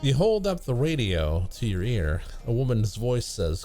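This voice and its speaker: A man casually reading game text aloud and adding wry, amused comments. His pitch moves around in a lively way, and a faint music bed runs underneath. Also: a little slow, hardly any pauses. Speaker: let's play streamer.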